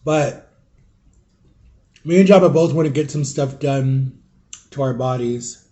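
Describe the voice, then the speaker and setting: A man's voice: medium pitch, slow pace, warm tone. A young man vlogging and telling a personal story to his viewers in a rambling, confiding way, full of fillers. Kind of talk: casual storytelling vlog.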